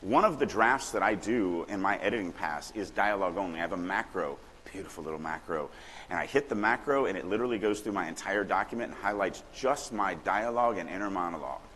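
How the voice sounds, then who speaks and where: A middle-aged man from Louisiana giving a casual, animated writing workshop talk at a conference, acting out quoted lines now and then. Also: low voice, quick pace. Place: conference hall. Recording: long hall reverb, faint room noise.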